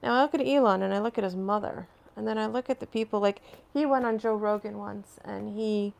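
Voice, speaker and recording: Woman, live stream host, casual chat from home, rambling, answers viewer comments, laughs often, gravelly voice. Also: medium pitch, brisk, darkish tone. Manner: laughs often between phrases.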